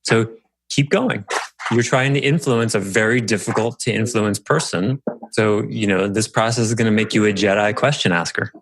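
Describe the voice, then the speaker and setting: Low-voiced male podcast coach. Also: normal speed, a little hiss or hum. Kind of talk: coaching conversation.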